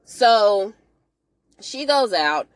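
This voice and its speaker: A woman hosting a podcast, retelling a TV episode in a chatty, animated way full of slang and asides. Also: medium pitch, drawn-out words, no room sound. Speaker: podcast host. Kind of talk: casual episode recap.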